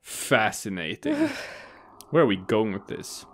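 A woman's voice: extremely low pitch, sing-song, moderate pace. A woman co-hosting a let's play, chatting casually and teasing her partner, often laughing. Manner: teasing, playful, laughs a lot. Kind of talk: casual game commentary.

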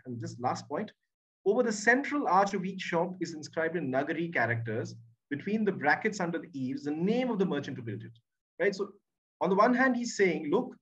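Academic lecturer, male, husky and fairly high-pitched, heard on muffled, distant webinar audio. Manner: tags statements with a questioning "right?"; reads quoted passages aloud and then comments on them. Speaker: academic presenter. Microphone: computer mic on a video call.

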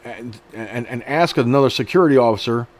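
A man's voice: medium pitch, fairly quick. A middle-aged man hosting an online news show, reading an article aloud and breaking off into blunt, profane, indignant commentary.

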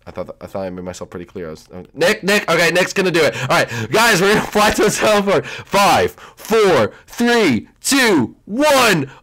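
A young man calls a kart race among friends, his fairly high voice leaping from low muttering to shrill yelps whenever something goes wrong. He teases teammates, counts down starts and cheers his wins with real excitement, full of bouncy, animated swings. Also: normal speed, few pauses. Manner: excitable, swings from mumbling to shrieking; playful trash talk with teammates. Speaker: gaming channel host. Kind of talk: live gameplay commentary.

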